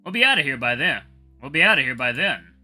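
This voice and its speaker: A grinning, easygoing young man, voiced by a man reading aloud, talks in a loud, breezy way. His tone is bright and sharp, and the pitch moves around a lot. Quiet guitar music sits in the background. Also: very animated, fast. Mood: cocky.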